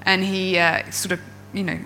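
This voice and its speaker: Bright-voiced woman coach. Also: lowish voice, moderate pace, slight background noise, low-quality recording. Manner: expressive storyteller who acts out inner voices. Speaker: coach and speaker. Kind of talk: presentation to an audience of coaches.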